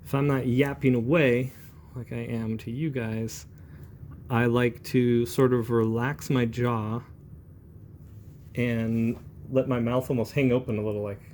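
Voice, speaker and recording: A man in his forties talks calmly while he demonstrates brush inking, rambling a little as he works. His voice sits at an ordinary pitch and sounds mellow and warm. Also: measured pace, slight background noise. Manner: relaxed, rambling, calm and chatty. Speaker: comic book inker.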